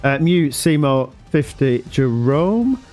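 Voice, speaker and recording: A man's voice: a little high, very animated, slow, a little mellow, faint music behind. A man commentating a sim racing league live in a casual, chatty way, often laughing and apologising.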